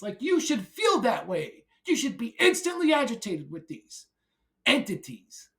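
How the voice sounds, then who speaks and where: A man ranting alone to camera in a vlog, brash and profane, swinging from shouted outbursts to low mumbled asides; he says he is high while filming. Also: huge pitch swings, measured pace. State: intoxicated. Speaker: YouTuber.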